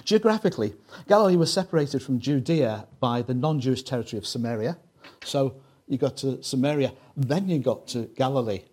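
Joking Scouse preacher with a husky voice. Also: male voice, medium pitch, lively intonation, a little fast, darkish tone. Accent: Liverpool (Scouse). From Liverpool, England. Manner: joking, conversational, lots of asides. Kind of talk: sermon with jokes.

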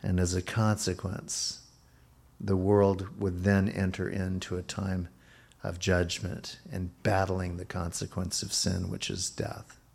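A male pastor preaching a sermon in an unhurried, emphatic way, his voice sometimes rising suddenly. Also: low-pitched, monotone, creaky, darkish tone, husky.

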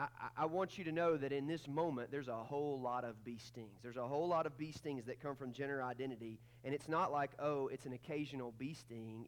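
A man, preaching a sermon as pastor in a casual, folksy storytelling way with many fillers. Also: mid-range voice.

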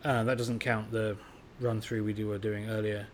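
A man's voice: lowish voice, level tone, normal speed, slight background noise. A man co-hosting a podcast in casual chat, with dry, self-mocking humor. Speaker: podcast co-host.

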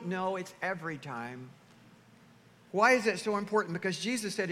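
A man preaching a sermon to his church, animated, often acting out the voices of the people he quotes. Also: sits high, normal speed. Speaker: pastor. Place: church sanctuary. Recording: reverberant hall, faint ambience.

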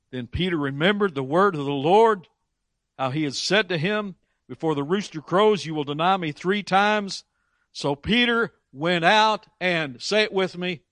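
Animated male preacher with a higher voice. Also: no echo, clean studio sound. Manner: animated preaching, building to loud dramatic climaxes, many restarts. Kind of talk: sermon.

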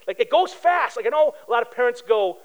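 A man's voice: very high voice, a little fast, rough recording. A middle-aged male pastor preaching a sermon in a casual, conversational way, telling personal stories and acting out quoted voices. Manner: animated, acts out quoted voices.

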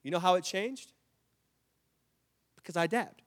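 A man preaching a sermon in a fairly high voice. He builds up loud, drawn-out calls for the congregation to repeat his words. Between them he tells a story in a looser way, full of restarts and fillers. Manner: preaching with rising intensity, call-and-response with the congregation. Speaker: pastor.

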